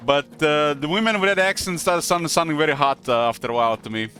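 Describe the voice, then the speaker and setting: Bright-voiced Croatian-accented man chatting. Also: fairly high pitch, quick pace, faint music behind. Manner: rambling, hesitant, many fillers. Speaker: live streamer. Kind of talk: casual chat while gaming.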